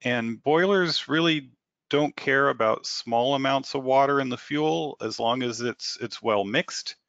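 A man presents in a technical webinar, his voice gravelly with a bright, forceful edge. He explains step by step, often repeating words as he thinks. The recording is dry and slightly dull. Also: medium pitch, measured pace, dry recording.

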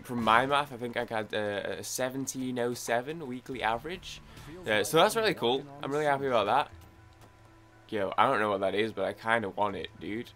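A young gaming YouTuber gives casual gameplay commentary, sounding groggy from too little sleep. He rambles, restarts often, and swears when he gets frustrated, speaking in a medium pitch with a slightly bright quality.

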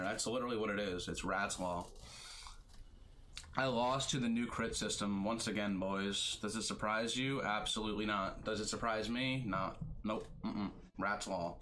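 Low-voiced, profane gaming streamer. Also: male voice, sharp tone, slight background noise. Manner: profane, trash-talking, complains about bad luck. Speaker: streamer playing a card battle game. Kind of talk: casual gameplay commentary.

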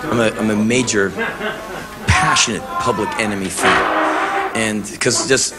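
An American man in his thirties telling a spoken-word story, acting out the people in it with shouts and laughs. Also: lowish voice, a little slow, over loud music. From United States. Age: 30s. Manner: animated, acts out quotes with shouts and laughs. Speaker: musician telling a story on stage.

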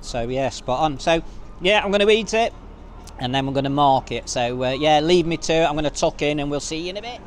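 A talkative man with a slightly high voice vlogs casually into a handheld camera as he walks along a seaside resort street. He talks a little fast and rambles, packing in filler words, while faint street and traffic noise hums in the background.

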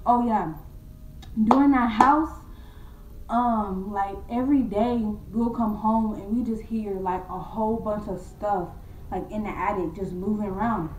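A young woman casually telling a true ghost story to her viewers, slangy and animated, calling them y'all and acting out her own scared voice. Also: mid-range voice, a little slow, distant mic, a little hiss or hum. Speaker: vlogger. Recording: echoey room from off-mic.

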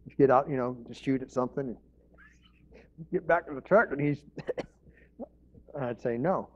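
A man's voice: medium pitch, moderate pace, slight background noise. Folksy preaching man, muffled recording. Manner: folksy storytelling with restarts and chuckles. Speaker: pastor. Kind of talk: informal sermon.

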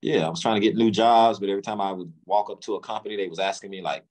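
A middle-aged man, an interview guest, telling his story casually in slangy speech, acting out quotes with sudden jumps in pitch. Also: fairly even intonation, rapid-fire, darkish tone. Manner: loose, slangy, lots of restarts.

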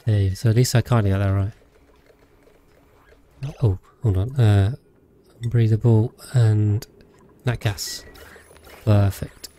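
A man's voice: fairly low pitch, steady tone, takes it slowly, long pauses, warm tone, faint music behind. Chatty man streaming a game. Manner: chatty, rambling, full of hesitations and self-corrections. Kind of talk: casual livestream chat while playing.

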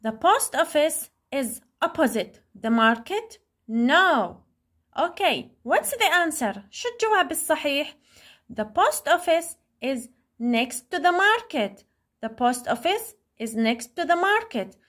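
A young woman teaching an English lesson to young pupils, speaking slowly and clearly and saying each word twice. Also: high-pitched, sing-song, a bit bright.

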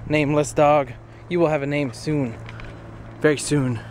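A man's voice: a little high, steady tone, normal speed, darkish tone, a little hiss or hum. Chatty young man vlogging outdoors. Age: young adult. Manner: chatty, laughs between remarks. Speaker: vlogger, college student. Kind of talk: casual vlog.

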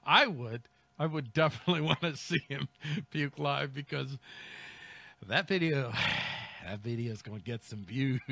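Man, comedy news host, mocking riffs, fairly high voice, bright tone. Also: gravelly, no echo. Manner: mocking, riffing, reads then ad-libs. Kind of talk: comic commentary on news stories.

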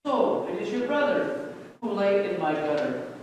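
A man voicing a gruff, suspicious old woman innkeeper with a croaking voice, read aloud in a church. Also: mid-range voice, sing-song, a little slow, a little mellow, lo-fi sound, a little hiss or hum. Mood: scornful. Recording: distant echoey church hall.

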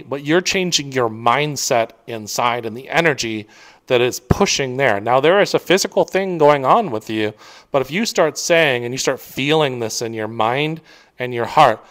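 A man giving a conversational spiritual talk, earnest, with frequent fillers and self-corrections. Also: mid-range voice. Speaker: spiritual teacher.

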